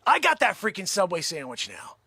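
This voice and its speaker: A man hosting a comic monologue, telling a story in an animated, exaggerated way. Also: sits high, a little fast, gravelly, breathy edge, dry recording. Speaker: host.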